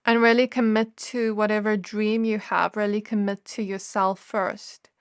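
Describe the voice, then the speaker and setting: A woman giving a gentle, intuitive tarot reading to her viewers, now and then laughing softly and correcting herself as she goes. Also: mid-range voice, level tone, a little slow, clean tone, no room sound, studio quality. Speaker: tarot reader. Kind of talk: soft spoken tarot reading.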